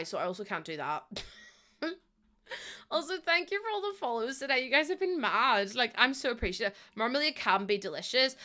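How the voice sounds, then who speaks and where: Bright, chatty young woman streamer. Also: fairly high pitch. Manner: chatty, giggly, greets chat mid-sentence. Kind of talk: casual live-stream chat.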